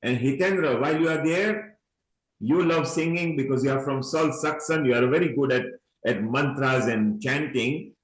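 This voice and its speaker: A man's voice: mid-range voice, moderate pace, roomy sound, low-quality recording. A man hosting an online event over a video call, calling people honey as he talks on at length. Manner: addresses people as honey, rambling.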